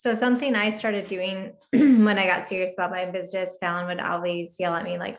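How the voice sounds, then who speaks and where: A woman with a somewhat low voice talks in a book club discussion over a video call, rambling with many fillers. The sound carries a roomy echo. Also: steady tone, normal speed, hardly any pauses. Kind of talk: casual group discussion.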